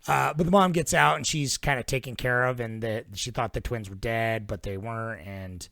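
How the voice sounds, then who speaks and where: A man's voice: medium pitch, moderate pace, vocal fry, a bit bright, no echo, clean studio sound. A man hosting a podcast, retelling a film plot in a rambling, casual way with lots of swearing. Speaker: podcast host. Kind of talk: casual film-recap chat.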